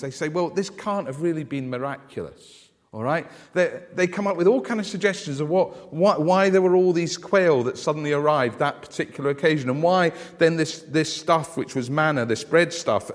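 Lively preacher in reverberant church. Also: male voice, mid-range voice. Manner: animated, asks the congregation questions. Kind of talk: sermon.

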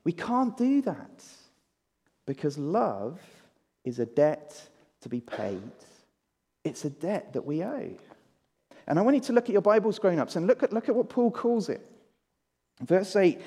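A man's voice: high-pitched, warm tone. A man giving a children's talk in a church service, drawing the congregation in and having them repeat words with him. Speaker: preacher. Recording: long church reverb.

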